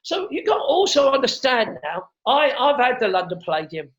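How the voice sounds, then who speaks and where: A middle-aged man, a comedian, telling stories in a casual interview, animated and quick to repeat words and act out what others said. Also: very high voice. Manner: animated storyteller who acts out quotes and repeats words. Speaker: comedian guest. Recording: dull lo-fi sound.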